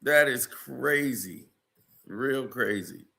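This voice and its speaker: A man's voice: mid-range voice, slow, gravelly, sharp tone. A man commenting on a video clip in a casual, incredulous way, laughing often.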